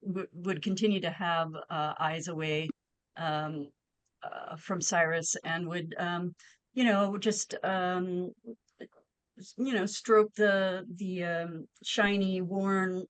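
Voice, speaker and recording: A woman playing a tabletop game, narrating her character slowly with many pauses. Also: fairly low pitch, fairly even intonation, smooth, no echo. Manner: slow, hesitant, many pauses. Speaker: player. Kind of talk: tabletop role-play narration.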